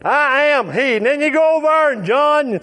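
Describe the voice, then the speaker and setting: A man preaching a sermon, emphatic and repetitive, drawing out his phrases and now and then shouting or chuckling. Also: extremely high pitch, expressive, normal speed.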